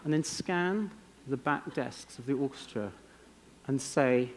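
A man's voice: mid-range voice, unhurried, noisy background. Wry English man in a big hall. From England. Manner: wry, self-deprecating storytelling. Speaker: conference speaker. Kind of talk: keynote talk. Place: conference stage. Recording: long reverb of a large hall.

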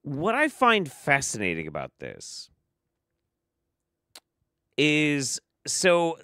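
A man hosting a sarcastic commentary show, reacting to clips with profane mockery and sudden loud outbursts. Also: a little high, wildly swooping pitch, drawn-out words, pauses often, no echo, clean studio sound. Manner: profane, mocking, swings between muttering and loud outbursts.

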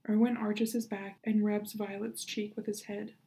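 A woman librarian reading a children's novel aloud in a steady, unhurried storytelling manner. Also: mid-range voice, rough recording.

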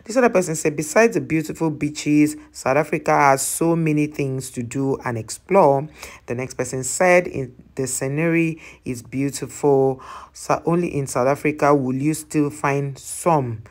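A host talks casually through a list of viewer comments. Each comment is read aloud and then explained in plain, chatty terms. The voice sits at a middle pitch. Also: moderate pace. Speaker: travel channel host.

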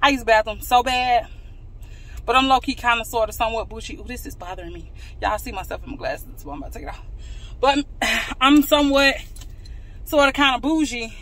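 A woman vlogging casually to her viewers from her car, candid and playful with quick asides. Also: on the high side, fairly bright tone. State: out of breath. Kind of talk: casual vlog talk to camera. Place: walking outdoors, then sitting in her car.

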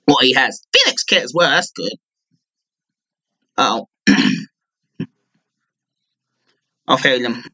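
A young man giving live commentary on his own gameplay, clearing his throat often and breaking into excited outbursts. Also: medium pitch, slow, pauses often. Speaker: gamer streamer.

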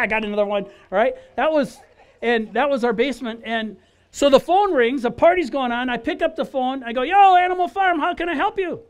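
A man from Wisconsin giving his personal testimony in an animated storytelling style, acting out dialogue and restarting his phrases often. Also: very high-pitched, clean tone. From Wisconsin, USA.

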